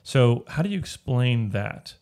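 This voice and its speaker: A man's voice: mid-range voice, big pitch swings, measured pace, a little mellow. A man leading a casual Bible study, explaining a passage step by step and often checking in with "right?". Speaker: Bible teacher.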